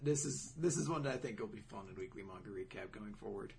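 A man's voice: lowish voice, lively intonation, fast talker, vocal fry, noisy background. A young man co-hosting a casual manga recap podcast, swearing freely and acting out characters' lines as he summarizes. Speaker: podcast co-host.

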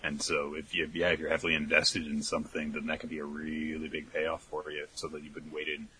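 A man's voice: very deep voice, completely flat delivery, a little fast, sharp tone, slight background noise. A man co-hosting a podcast, chatting casually and teasing his co-host dryly. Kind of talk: casual chat.

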